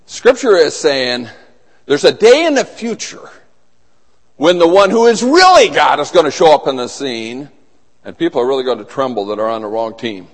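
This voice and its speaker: A man preaching a sermon to a small group, husky and losing his voice, earnest and building to urgent emphasis. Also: fairly high pitch, very animated, moderate pace. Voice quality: husky, throat-clearing. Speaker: pastor. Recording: long hall reverb.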